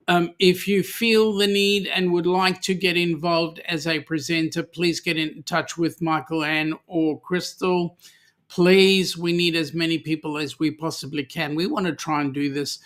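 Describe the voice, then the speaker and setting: A man's voice: fairly high pitch, a bit bright. An Australian man hosting a livestream, chatting casually and reading viewer comments aloud with lots of ums. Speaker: livestream host.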